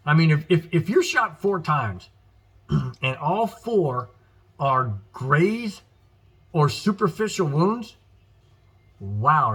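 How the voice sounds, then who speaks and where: A man's voice: on the high side, fairly bright tone. A man hosting a casual sports news show, reading items and reacting with frequent exclamations and repeated words. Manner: chatty, exclaims wow often, repeats words.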